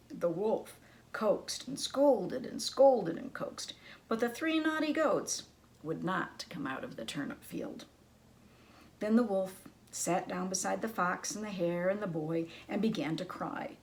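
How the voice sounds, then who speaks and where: A woman librarian reading a children's story aloud in an expressive, teacherly way. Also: medium pitch, slow pace, creaky.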